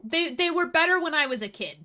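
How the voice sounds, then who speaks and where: A woman's voice: very high-pitched, expressive, fairly quick, sharp tone. A young woman streamer chatting casually with her viewers, blunt and full of swearing. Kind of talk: casual chat stream, reading chat.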